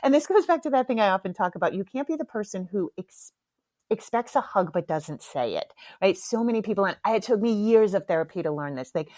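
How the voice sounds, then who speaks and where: A woman's voice: mid-range voice, very animated, brisk, a little mellow, no room sound. A middle-aged woman hosting a podcast, telling a story in a candid, frank way, with swearing and laughs. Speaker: podcast host. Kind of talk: casual podcast monologue.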